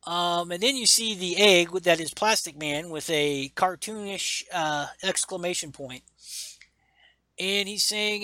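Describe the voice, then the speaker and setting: An enthusiastic man reads a comic aloud in casual chat, stopping with fillers and eagerly acting out the characters' lines. His voice is bright and somewhat higher than most men's, and it sounds close and dry. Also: measured pace, no room sound. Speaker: comic book podcast host.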